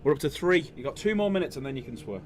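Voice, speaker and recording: Male streamer host, higher-pitched voice, jokey, faint noise behind. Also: sing-song, very fast. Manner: jokey, loud greetings, laughs often. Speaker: livestream host. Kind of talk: casual livestream chat.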